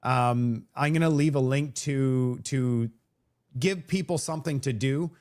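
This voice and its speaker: With a slightly mellow, medium-pitched voice and a measured pace, a man hosts a casual live-stream chat. His Vancouver French-Canadian accent reflects French as his first language, and he rambles through lots of restarts and filler words.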